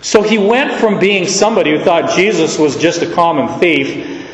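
A man's voice: high-pitched, expressive, normal speed, echoey room, big-room sound, rough recording. A man preaching a sermon, earnestly reading and explaining verses aloud. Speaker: pastor.

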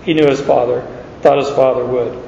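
A man's voice: steady tone, brisk, vocal fry, dark tone. A pastor giving an expository sermon in a conversational way, explaining with asides and repeating words as he goes. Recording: echoey hall, dull sound, faint rumble.

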